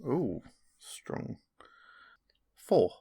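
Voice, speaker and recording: A man's voice: medium pitch, very animated, very slow, gravelly, warm tone, slightly rough. A man playing a tabletop game, speaking hesitantly and evasively. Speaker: player.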